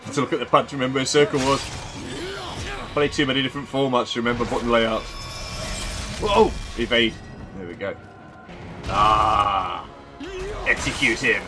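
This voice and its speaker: A man gives casual, jokey commentary as he unboxes and plays games. His voice sits at an ordinary pitch for a man, and he breaks into sudden exclamations as he plays. Loud music runs underneath him throughout. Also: fairly even intonation, fast. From England. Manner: chatty and jokey, exclaims while playing. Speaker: gaming channel host.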